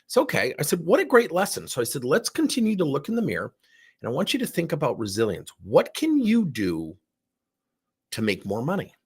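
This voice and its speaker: Husky middle-aged guy, coaching trainer, acts out both sides of the talk, pitch all over the place. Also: a little fast. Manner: animated, acts out dialogue with theatrics. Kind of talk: storytelling in a training session.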